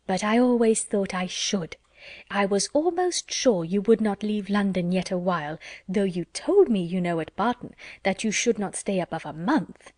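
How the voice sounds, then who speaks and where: A woman's voice: mid-range voice, animated, moderate pace, a little mellow, no echo, close to an everyday voice. A woman reading an audiobook, voicing a sly young woman who gushes with pointed hints. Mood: gushing.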